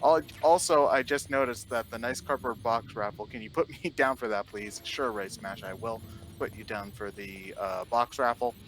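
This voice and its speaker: A man's voice: medium pitch, normal speed, a bit bright, a little hiss or hum. A young man co-commentating a charity game stream, reading donations and laughing often. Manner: laughs often while talking.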